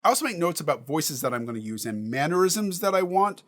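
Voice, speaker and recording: A man's voice: on the high side, big pitch swings, fast talker. A man who runs tabletop games, talking casually through how he prepares, reasoning aloud with examples. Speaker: dungeon master giving prep advice. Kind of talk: casual instructional talk.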